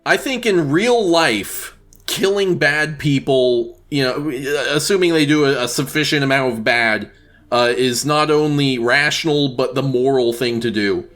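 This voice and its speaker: A man's voice: mid-range voice, unhurried, fairly bright tone. A man co-hosting a casual movie-review podcast, blunt and argumentative, swearing freely. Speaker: podcast co-host.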